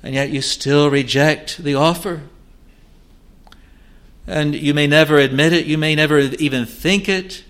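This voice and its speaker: A male preacher delivering a sermon at a slow, deliberate pace. He pleads earnestly, rising to loud urging and dropping to hushed, low asides. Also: steady tone.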